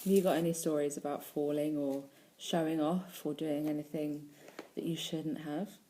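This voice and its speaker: A woman's voice: low-pitched, fairly even intonation, moderate pace, dark tone, slight background noise. A female primary school teacher reading a storybook aloud expressively, stopping to talk to the children listening.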